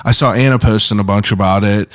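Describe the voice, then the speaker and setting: A man hosting a podcast, talking in a relaxed, halting way with many fillers. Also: lowish voice, no room sound, clean studio sound. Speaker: podcast host. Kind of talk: casual podcast conversation.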